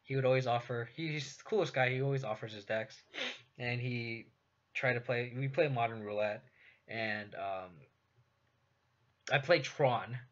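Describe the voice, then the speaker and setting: A man's voice: mid-range voice, a little slow, pauses often. A young man with a West Coast American accent chatting casually while streaming a card game, swearing and laughing often. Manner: laid-back, swears a lot, laughs often. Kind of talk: casual chat while gaming. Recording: dull lo-fi stream audio.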